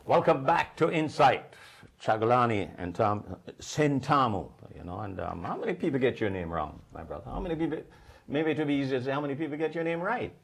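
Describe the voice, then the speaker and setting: A man's voice: medium pitch, lively intonation, a little fast, creaky, slight background noise. A man from Jamaica hosting a TV studio interview, chatty and affirming. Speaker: TV interview host.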